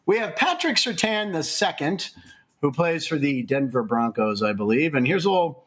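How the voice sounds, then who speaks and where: A man's voice: a little high, big pitch swings, moderate pace, fairly bright tone. A man hosting a casual sports comedy chat, upbeat and laughing easily. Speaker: show host.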